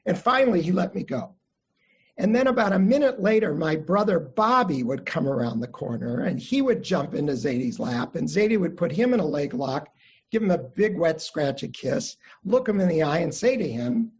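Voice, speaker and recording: An older man, a Jewish studies teacher, giving an online class lecture and telling family stories with animated quoted voices. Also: on the high side, moderate pace, husky. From United States (Midwest). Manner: warm anecdotal storytelling, animated quotes.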